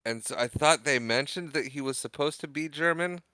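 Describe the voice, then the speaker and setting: Bright, crisp-voiced man recapping a movie. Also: fairly high pitch, normal speed, no room sound. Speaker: podcast co-host. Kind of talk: casual movie recap chat.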